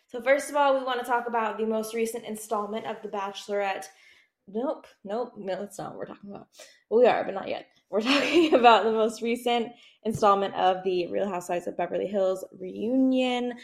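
A woman hosts a casual gossip podcast from home, with a voice of ordinary, mid-range pitch. She is chatty and hops from one topic to the next. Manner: chatty, quick to jump between topics. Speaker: podcast host.

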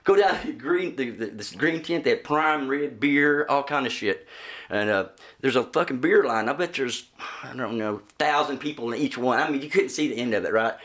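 A man's voice: mid-range voice, lively intonation, moderate pace, a bit bright. Laughing, profane man in a roomy space. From Oklahoma. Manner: profane, laughing through his own anecdotes. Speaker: guest musician. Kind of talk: casual storytelling. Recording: roomy echo with faint noise.

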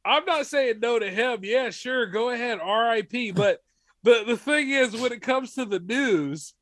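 A man co-hosting a podcast, talking in a profane, halting way and repeating words as he builds his point. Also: very high-pitched, a bit bright, dry recording. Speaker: podcast co-host. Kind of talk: casual chat.

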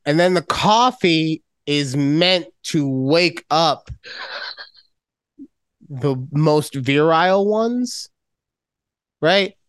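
A man co-hosting a casual podcast, telling a story in a profane and animated way. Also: on the high side, drawn-out words, long pauses, clear, resonant tone, no echo, studio quality. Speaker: podcast co-host. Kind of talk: casual chat.

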